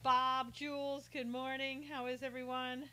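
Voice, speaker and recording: A woman's voice: sits high, level tone, unhurried, sharp tone. A woman hosting a casual live stream who greets viewers by name, reads their comments aloud and talks indignantly about rude reporters.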